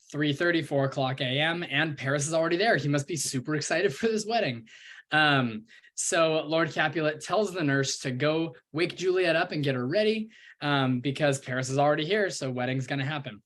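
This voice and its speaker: A man's voice: fairly high pitch, normal speed, fairly bright tone. A man teaching a play, explaining scenes in a casual way with many fillers. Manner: chatty, full of fillers.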